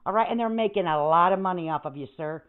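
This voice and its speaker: A woman's voice: fairly low pitch, quick pace. An older woman hosts a livestream in a brash, foul-mouthed, rambling rant. Her voice comes through thin and phone-like, with static crackling in the audio. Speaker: livestream host.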